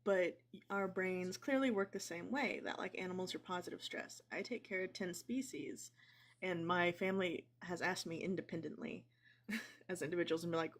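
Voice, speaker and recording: A woman's voice: lowish voice, moderate pace. A woman on a livestream chat, talking earnestly and reflectively. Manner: earnest, reflective, talks things through. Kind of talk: casual chat.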